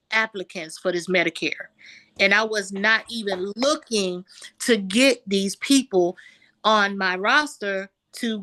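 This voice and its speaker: A woman telling a lively story on a group video call about her insurance work. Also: medium pitch. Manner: animated storytelling, quoting others. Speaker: insurance agent sharing a win. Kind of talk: casual group call testimony.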